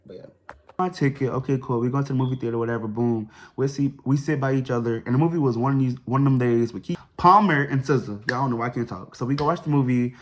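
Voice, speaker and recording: A young man telling a personal story to his viewers in a chatty, slangy way, dropping fillers like "boom" and "whatever". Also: quick pace. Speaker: vlogger. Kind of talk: casual storytime.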